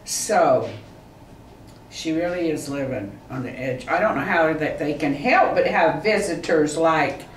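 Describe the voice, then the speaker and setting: An older woman chatting casually about her family, rambling and halting with frequent laughs, recorded far from the mic in an echoey room. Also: low voice. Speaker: mother chatting with a companion. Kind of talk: casual chat. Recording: roomy echo, distant from the mic, faint noise.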